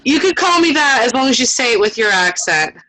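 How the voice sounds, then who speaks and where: A woman's voice: a little high, very animated, brisk, sharp tone, low-quality recording. A Canadian woman on a team video call, joking and laughing. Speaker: team member.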